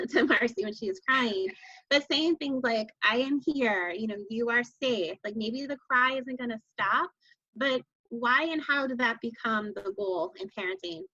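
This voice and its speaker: A woman guest consultant in an interview, explaining in a calm, teacherly way and laughing often, heard over a video call. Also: mid-range voice, gravelly, no echo, highs cut off.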